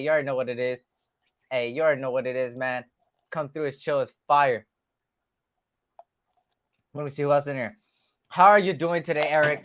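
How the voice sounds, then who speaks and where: A man hosting a casual live stream, greeting chat viewers by name in relaxed, slangy talk. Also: fairly high pitch. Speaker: livestream host. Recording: dull lo-fi sound.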